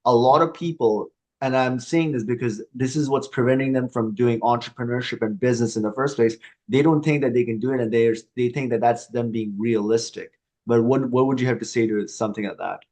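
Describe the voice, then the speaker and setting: A man's voice: medium pitch, darkish tone. Guy hosting a podcast, middle voice, lots of likes and restarts. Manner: halting, many fillers and restarts. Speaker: podcast host. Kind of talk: conversational interview.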